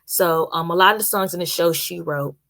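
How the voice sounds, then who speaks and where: A woman's voice: on the low side, fairly quick, a bit bright. A young adult woman giving a casual, chatty spoken review of a TV series and talking straight to her viewers. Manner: chatty, addresses viewers directly.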